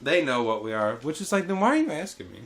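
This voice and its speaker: A man's voice: fairly high pitch, big pitch swings, fast, fairly bright tone. A man in his thirties co-hosting a casual, joking chat, swearing freely and acting out quoted remarks. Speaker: podcast co-host playing a game.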